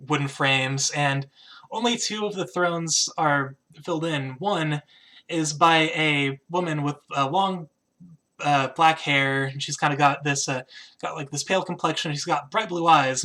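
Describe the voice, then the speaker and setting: A man's voice: fairly high pitch, bright, forceful tone. A man narrating as game master of a tabletop game, describing scenes with fillers and chuckles.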